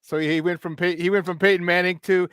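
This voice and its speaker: A man hosting a sports talk show, with a high voice for a man. He talks emphatically and fires off question after question. The sound is dry and close. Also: flat delivery, a bit bright, smooth, no room sound. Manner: emphatic, keeps asking "all right?"; asks rapid questions.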